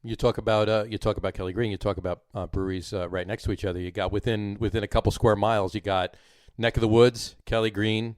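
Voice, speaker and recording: A man's voice: on the low side, little pitch movement, quick pace, few pauses, a little mellow, dry recording, clean studio sound. A man with a New Jersey accent co-hosting a podcast, chatting casually and rambling with many fillers and restarts. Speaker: podcast co-host. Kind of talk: casual chat.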